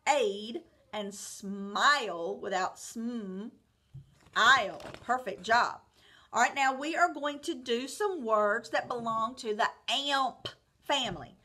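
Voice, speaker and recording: Female teacher, slow and clear, bright higher voice, phonics drills for kids. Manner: clear, encouraging, drawn-out word modeling with praise. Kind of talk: slow, deliberate phonics lesson for young children.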